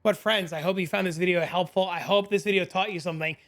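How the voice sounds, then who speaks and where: A hoarse man hosting a gaming channel, talking excitedly and rambling step by step through a screen-recorded game tutorial into a desk microphone. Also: high-pitched, quick pace. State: hoarse, losing his voice.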